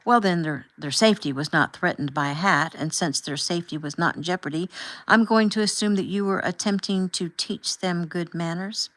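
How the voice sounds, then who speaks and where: In an audiobook, a woman with a high voice plays a calm, firm husband and father who confronts a chaperone with measured, pointed questions in a firm rebuke. The audio quality is poor.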